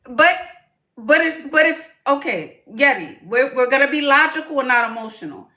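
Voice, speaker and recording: Woman talk-show host, high voice, pushes back, dull noisy echoey clip. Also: animated, normal speed. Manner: pushes back, asks her to stay logical. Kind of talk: interviewing a guest.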